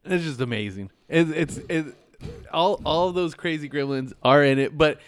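A man's voice: on the high side, normal speed, faint music behind. A man co-hosting a podcast in casual movie chat, rambling and repeating words as he searches for his point, enthusiastic and casually swearing. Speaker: podcast co-host.

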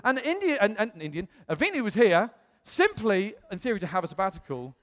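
British male pastor, higher-pitched voice, animated storytelling sermon, long hall reverb. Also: brisk. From England. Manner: animated, acts out quoted voices.

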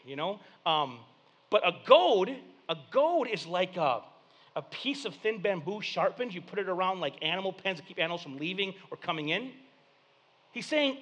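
A man, preaching a sermon with animated storytelling and acted-out voices. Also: high voice, brisk, husky. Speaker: pastor.

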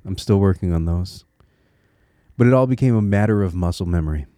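A low-pitched man with a warm, mellow tone hosts a solo podcast, reflective and earnest as he encourages his listeners. He thinks aloud, restarting small phrases now and then. The sound is dry, with no room echo. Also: fairly quick. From Connecticut, USA. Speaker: podcast host.

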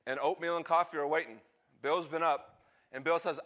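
Animated preacher telling a story. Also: male voice, a little high, normal speed. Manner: animated, acts out characters' lines. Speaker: pastor. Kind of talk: sermon storytelling.

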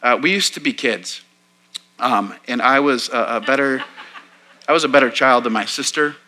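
Bright-voiced chatty preacher man in his forties. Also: mid-range voice, moderate pace, a little hiss or hum, low-quality recording. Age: 40s. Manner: self-deprecating, chatty storytelling with fillers. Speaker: pastor. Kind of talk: sermon with personal story. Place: church sanctuary.

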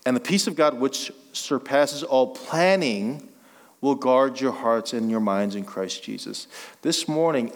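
A man's voice: mid-range voice, measured pace. Man preaching in a reverberant church. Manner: conversational and joking, rising to emphatic exhortation. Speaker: guest pastor. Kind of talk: sermon. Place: church sanctuary. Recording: long reverb of a church hall.

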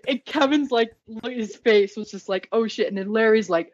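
A woman telling an animated story in casual chat, swearing a lot and laughing often. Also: a little high, normal speed, few pauses, dry recording. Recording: dull, dry sound.

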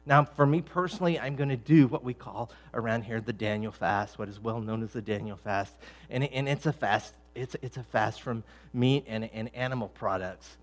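A man's voice: mid-range voice, moderate pace, hardly any pauses. Conversational middle-aged male pastor. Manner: conversational, repeats words and restarts, rises to emphatic peaks. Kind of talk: sermon.

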